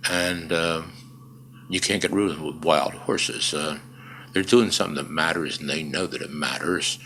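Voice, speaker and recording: Older male interview guest, very low and gravelly voice, emphatic storyteller with dry wit. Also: moderate pace, pushed and bright, slight background noise. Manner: emphatic, dry humor, frequent "uh" fillers. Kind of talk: conversational storytelling.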